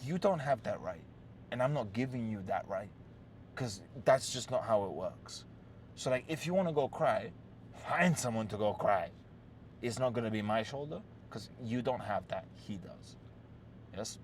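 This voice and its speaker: A man's voice: medium pitch, animated, normal speed, slight background noise. A man hosting a relationship-advice talk, telling a story in a blunt, profane, casual way and often checking in with "yes?" and "right?".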